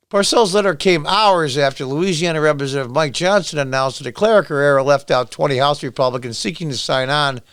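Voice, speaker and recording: A middle-aged political commentary vlogger reads a news article aloud, breaking off into angry, sarcastic rants aimed at the people in it. His mid-range voice has a fairly bright tone, recorded dry at studio quality.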